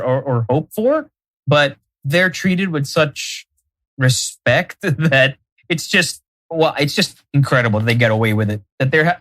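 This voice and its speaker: This is a man in casual podcast chat, excitable and quick to jump in with "like" and "I mean." His voice sits mid-range, and the recording is dry and close. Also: mid-range voice, no echo. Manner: animated, chatty, many fillers and restarts. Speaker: podcast co-host.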